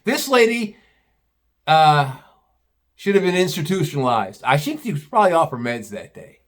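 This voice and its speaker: A man's voice: on the high side, very animated, normal speed. A retired butcher in his sixties telling a rambling, profane story about a customer. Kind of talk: casual storytelling.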